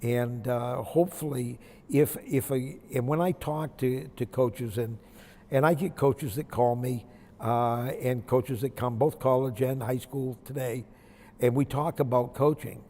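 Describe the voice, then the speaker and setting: A man's voice: medium pitch, fairly even intonation, measured pace, a little mellow, long reverb tail. An older man from Maine, a retired basketball coach, telling folksy, reflective stories from his career in an interview. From Maine, USA. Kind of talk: interview storytelling.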